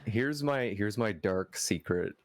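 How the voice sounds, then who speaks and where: A man from the United States chatting casually on a stream, excitable and swearing, tripping over his words. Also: fairly low pitch, takes it slowly, no echo, studio quality.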